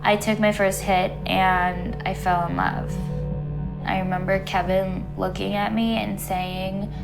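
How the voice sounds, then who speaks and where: A woman's voice: medium pitch, little pitch movement, measured pace, vocal fry. A woman in her twenties speaking bluntly and frankly in an interview, with casual fillers. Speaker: former reality TV star interviewee. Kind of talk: candid interview recollection. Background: music.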